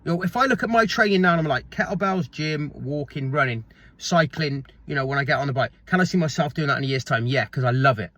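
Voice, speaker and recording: Coach guy in his 30s ranting chatty about fitness, a bit high voiced, swears here and there. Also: animated, quick pace, pushed and bright. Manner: chatty and blunt, swears casually, acts out quoted people. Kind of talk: casual motivational talk to camera.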